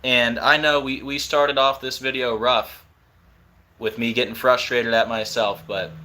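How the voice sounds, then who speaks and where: A young man hosting a live stream, talking casually and excitedly in disbelief. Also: mid-range voice, measured pace, slight background noise.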